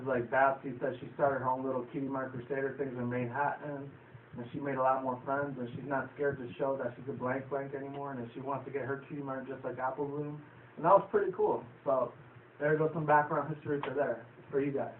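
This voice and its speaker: Reviewing a cartoon episode, this vlogger talks a little fast in a level, medium-pitched voice, giving a loose recap full of swearing and chuckles. He's far from the mic, so the sound is echoey, tinny, and phone-like, with a faint hiss underneath.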